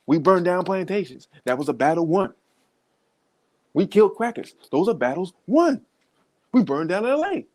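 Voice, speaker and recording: A man's voice: high-pitched, moderate pace, pauses often. Male podcast host, fired-up profane comedic rant. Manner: profane, heated, animated.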